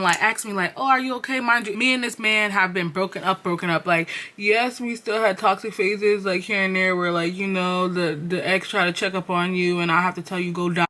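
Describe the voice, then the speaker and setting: A young woman telling a personal story-time to her viewers, blunt and profane, animated in her storytelling. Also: medium pitch. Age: young adult. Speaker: storyteller vlogger.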